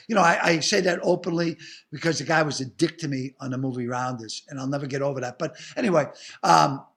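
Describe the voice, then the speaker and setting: An older man with a Boston accent tells showbiz stories as an interview guest. His voice sits high, with a gravelly fry and a bright, forceful edge. He rambles, swears freely and restarts his sentences often. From Boston area. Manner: profane, emphatic, rambling anecdotes with restarts. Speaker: guest, actor and comedian. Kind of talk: animated storytelling in an interview.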